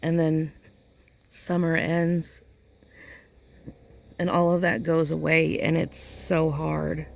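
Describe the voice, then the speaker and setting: Rambling, emotional woman with a gravelly voice. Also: low voice, monotone, takes it slowly, long pauses. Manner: rambling, emotional, searching for words. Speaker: vlogger. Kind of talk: casual outdoor vlog. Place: outdoors in a yard chair.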